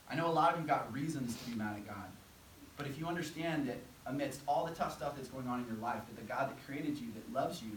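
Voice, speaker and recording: A man's voice: fairly high pitch, a little hiss or hum. A young man preaching a sermon, earnest and conversational, acting out quotes as he goes. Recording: echoey room, from a distance.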